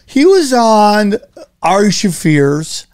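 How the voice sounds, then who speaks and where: A man's voice: high-pitched, very animated, slow, darkish tone. A man in casual chat, asking rambling questions full of fillers.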